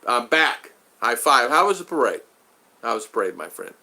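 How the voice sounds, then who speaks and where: Chatty, lively, bright-voiced man. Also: mid-range voice, moderate pace. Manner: rambling, chatty, repeats himself, addresses viewers by name. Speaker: livestream host reading chat. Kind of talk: casual livestream chat. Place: home in the Philippines.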